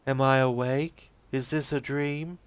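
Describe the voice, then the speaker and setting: A fragile, dazed young waitress, as a man reads her part aloud, sobbing through slow, broken sentences. Her voice sits high and trembles while she pleads. It comes across smooth and close, with no room sound. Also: fairly even intonation, no echo, natural voice. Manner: halting, tearful, slow and pleading. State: crying. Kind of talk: reading game transcripts aloud with voices.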